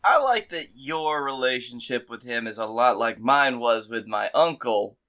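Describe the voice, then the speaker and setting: A man co-hosting a comedy podcast, chatting casually and dropping dry, quick comic asides. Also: medium pitch, expressive, bright, forceful tone. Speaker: podcast co-host.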